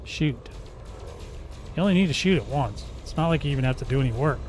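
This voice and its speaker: Faint music plays behind this gaming-channel host, whose mid-range voice moves fairly quickly with lively intonation. While playing, he delivers jokey, playful live commentary and imitates gunfire with his mouth.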